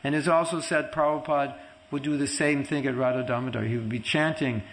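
Gravelly-voiced man giving a devotional class. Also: mid-range voice, fairly even intonation, a little fast, slight background noise, rough recording. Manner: conversational, tells stories and quotes others; softly repeats a chanted mantra. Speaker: spiritual teacher giving a class.

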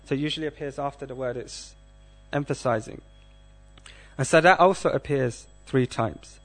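Man giving a measured scripture class. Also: medium pitch, faint music behind. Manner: measured, asks the audience questions. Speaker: class speaker.

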